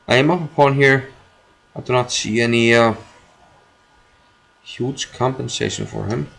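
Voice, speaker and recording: A man streaming his own chess game, commenting live as he thinks aloud, repeating phrases and filling pauses. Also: mid-range voice, vocal fry, a bit bright.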